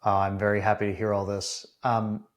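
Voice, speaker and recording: A man hosting his first podcast episode, speaking earnestly and haltingly, with many restarts. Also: lowish voice, monotone. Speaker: podcast host. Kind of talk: casual interview talk.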